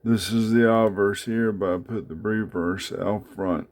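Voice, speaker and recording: A man casually talking through his coin collection in a home vlog, halting with many fillers as he handles each piece. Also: lowish voice, fairly even intonation. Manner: unhurried, many fillers, speaks haltingly while handling items. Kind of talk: casual show-and-tell vlog.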